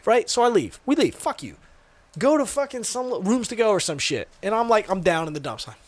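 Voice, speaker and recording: Brief: fast-talking podcast man with a high, bouncy voice, cursing his way through stories. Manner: animated, profane storyteller who acts out quotes. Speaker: podcast co-host. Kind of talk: casual storytelling chat.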